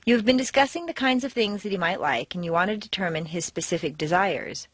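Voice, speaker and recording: A woman with an American accent giving a recorded pronunciation lesson. She talks in clear, deliberate instructions and exaggerates word stress to demonstrate it. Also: medium pitch, dry recording. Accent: General American. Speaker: accent trainer.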